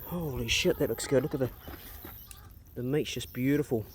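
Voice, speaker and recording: A man's voice: medium pitch, normal speed, slight background noise. A middle-aged New Zealand man with a New Zealand accent, chatting casually and bluntly while filming his farm chores on a handheld phone outdoors. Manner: laid-back, chatty, blunt and joking. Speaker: vlogger. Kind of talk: casual rural vlog narration. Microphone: handheld phone or camera.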